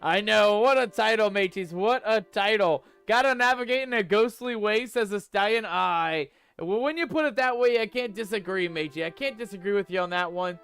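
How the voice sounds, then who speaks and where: Streamer doing a blustering pirate ghost captain, pirate slang, drops his voice low, smooth tone, faint game music. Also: moderate pace, hardly any pauses, a bit bright, no echo. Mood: musing.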